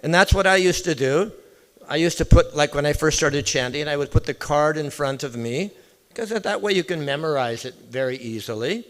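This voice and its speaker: A man's voice: on the high side, lively intonation, fairly quick. A man giving an informal devotional talk in a temple hall, chatting with and questioning his listeners directly. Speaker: visiting temple speaker.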